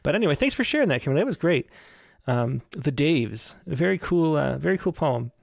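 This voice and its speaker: A man's voice: a little high, big pitch swings, fairly quick, creaky, no echo, clean studio sound. A man hosting a podcast, talking casually and rambling with many fillers. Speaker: podcast host.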